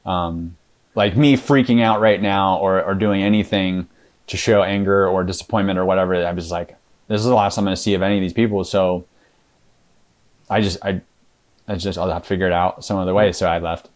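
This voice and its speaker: A man with a fairly low voice recounts his experience to an interviewer. He talks casually and rambles, leaning on fillers and restarting his sentences. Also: fairly even intonation, brisk. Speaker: interview guest.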